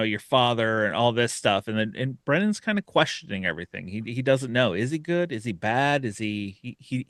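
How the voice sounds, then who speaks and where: A man of middle pitch chats on a podcast, eagerly recapping a horror short. He breaks into quick impressions of the characters as he tells it, and his voice sits dry and close to the mic. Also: no echo. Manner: animated retelling, acts out the characters' lines with laughter. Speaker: podcast host.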